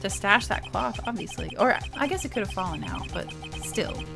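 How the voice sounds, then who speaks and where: An Australian woman giving casual, playful gameplay commentary, often giggling. Game music plays clearly under her voice. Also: mid-range voice, animated, normal speed. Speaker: let's play host.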